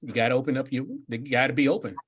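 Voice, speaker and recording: A man hosting a business workshop, answering questions in an energetic, conversational coaching manner. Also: medium pitch, fast, breathy edge. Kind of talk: live workshop Q&A.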